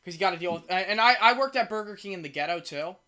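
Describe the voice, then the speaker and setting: A man's voice: sits high, animated, fast, over a noisy crowd. A young man from Georgia hosting a casual podcast chat from home, rambling through stories with lots of restarts and filler words. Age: young adult. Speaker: podcast host.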